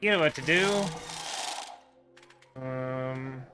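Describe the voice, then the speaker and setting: A man's voice: mid-range voice, very slow, music in the background. Man thinking aloud over a card game. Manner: chatty, thinking aloud, wry. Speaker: streamer. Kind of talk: let's-play commentary.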